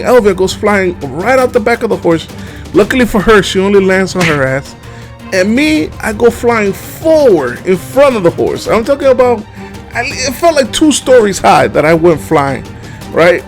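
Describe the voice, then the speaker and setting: High-voiced man telling a funny story. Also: measured pace, faint music behind. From Dominican Republic. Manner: animated, laughing often, lots of fillers. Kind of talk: comedic storytime narration.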